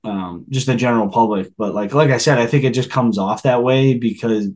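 A man's voice: mid-range voice, brisk, darkish tone. A man co-hosting a podcast in casual chat, rambling with many restarts. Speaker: podcast co-host.

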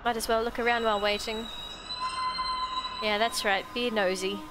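A woman's voice: fairly high pitch, fairly even intonation, moderate pace. A woman playing a game and commenting casually, with wry, chatty asides. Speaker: let's play gamer.

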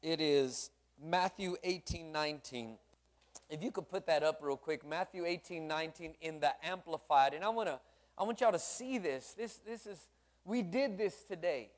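A man's voice: a little high, moderate pace. A man leading a church service, fervent and repetitive, calling hallelujah and amen to the congregation. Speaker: worship leader and drummer leading a church service. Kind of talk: lively church service exhortation and prayer. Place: church sanctuary.

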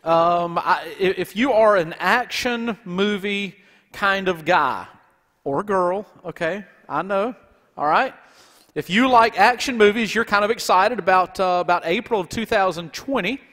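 A man's voice: high voice, a little slow, a bit bright, big-room sound. A man with a Southern accent preaching a folksy, conversational sermon as pastor in a church. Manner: folksy and conversational, with many restarts. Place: church sanctuary.

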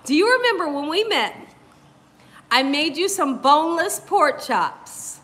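High bright chatty woman host. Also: animated, measured pace. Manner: chatty, laughs often, repeats herself for emphasis. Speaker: cooking channel host. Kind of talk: casual livestream chat.

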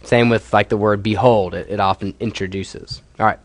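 A man's voice: on the low side, fairly even intonation, normal speed, no room sound. Man lecturing a class, dry sound. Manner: explains patiently, asks the class questions. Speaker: professor.

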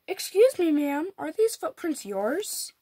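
A woman's voice: extremely high pitch, big pitch swings, unhurried, no echo, voice pushed up, heavily acted. A woman voicing a friendly, polite male wolf in a picture-book reading, speaking eagerly and courteously.

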